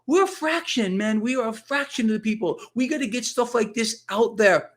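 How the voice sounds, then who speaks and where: A man's voice: very high voice, moderate pace. A man speaking as a guest in an impassioned, emphatic way. He gets worked up and repeats words as he pushes his points. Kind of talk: impassioned casual talk.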